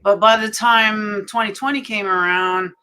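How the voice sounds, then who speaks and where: A middle-aged woman with a bright, forceful tone, talking on a spiritual panel. She rambles candidly, stopping and restarting her sentences as she goes. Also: medium pitch, fairly even intonation, unhurried, clear, resonant tone. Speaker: panel guest.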